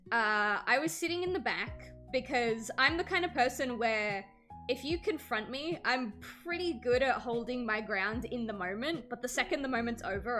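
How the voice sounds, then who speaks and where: A woman's voice: fairly high pitch, pushed and bright. A woman in her twenties chatting casually with her stream while drawing, telling stories with many "like" fillers.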